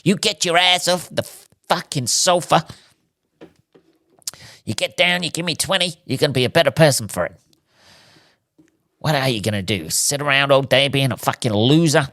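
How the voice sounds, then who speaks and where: A man's voice: medium pitch, moderate pace, pauses often, fairly bright tone, no echo, studio quality, pitched above the performer's own voice, lightly acted. An English man putting on a pushy, barking fitness-influencer voice. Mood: bossy. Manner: barking, bossy, drill-sergeant.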